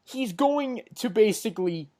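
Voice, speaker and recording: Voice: mid-range voice, expressive, measured pace, dark tone. A podcast host recapping a comic book in a rambling way, full of fillers. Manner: rambling, many fillers and restarts.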